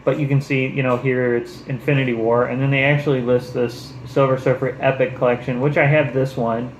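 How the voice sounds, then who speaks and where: A man's voice: mid-range voice, flat delivery, fairly quick. Man, casual book chat, rambling, lots of ums, echoey room, faint air conditioning hum. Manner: enthusiastic, rambling with many fillers. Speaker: book vlogger. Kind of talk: casual show-and-tell chat.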